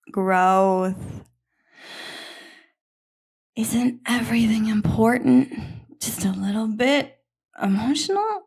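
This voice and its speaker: A woman hosting a film reaction, talking in an earnest, soft-spoken, emotional way with long pauses. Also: mid-range voice. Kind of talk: reflective reaction monologue.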